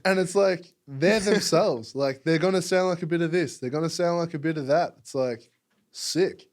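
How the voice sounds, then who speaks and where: A young Australian guest on a podcast, from Melbourne and the founder of a music publication, chats casually in a slightly high voice at normal speed. He rambles, peppers his speech with "like" and laughs frequently.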